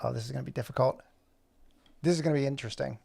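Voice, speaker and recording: A man's voice: mid-range voice, rapid-fire, gravelly, darkish tone, husky, dry recording. A man in his forties chatting casually on a livestream, joking and rambling to himself while he animates. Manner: joking, rambling self-talk while working. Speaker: animator streaming live.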